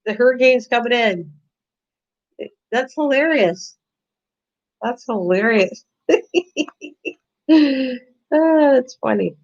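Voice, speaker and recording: Older woman, casual streamer from her kitchen, talks to viewers and laughs a lot; a bit high-pitched, muffled stream audio. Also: animated, very slow, long pauses. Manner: chatty, talks to viewers by name, laughs often. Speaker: live-stream host. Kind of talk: casual live-stream chat. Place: home kitchen.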